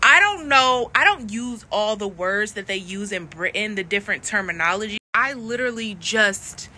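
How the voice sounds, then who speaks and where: A woman's voice: mid-range voice, expressive, moderate pace, pushed and bright. A woman from Florida talking in a chatty, blunt way, coaching her viewers in a casual vlog. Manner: chatty and blunt, laughs often. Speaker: online coach.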